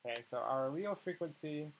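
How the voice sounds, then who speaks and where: A man's voice: fairly high pitch, fast talker, a little hiss or hum, rough recording. A man teaching a biology tutorial, patiently working through problems step by step and often checking in with the listener. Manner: patient, explains step by step, checks in with "okay" and "right". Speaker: biology instructor. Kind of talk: tutorial walkthrough.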